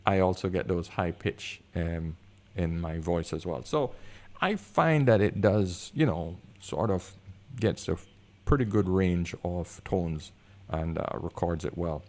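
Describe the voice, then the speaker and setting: A man with a deep bass voice reviewing gear in easygoing casual chat, recorded on a desk condenser mic in a room with high concrete ceilings. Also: unhurried. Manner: easygoing, excitable, talks with fillers. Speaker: product reviewer. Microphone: desk condenser microphone.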